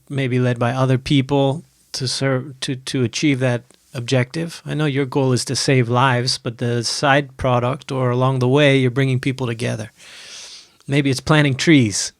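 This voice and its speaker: Guy co-hosting an interview, thoughtful questions, mid-pitched voice. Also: dry recording, clean studio sound. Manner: thoughtful, asks long questions. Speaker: podcast co-host. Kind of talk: casual interview.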